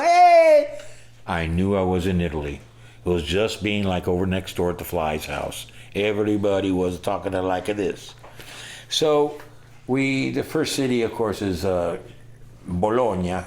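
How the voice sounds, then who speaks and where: Animated older male storyteller, low voice. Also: slight background noise. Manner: animated, acts out voices, bursts of loud excitement. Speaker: storyteller recalling his travels. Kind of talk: casual spoken storytelling.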